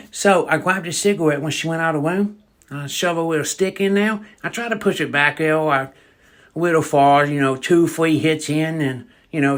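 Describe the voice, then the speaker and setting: Young male storyteller, crude and deadpan, higher pitch with a bright edge. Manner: crude, rambling, deadpan delivery. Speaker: comedic storyteller. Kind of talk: comedic monologue storytelling.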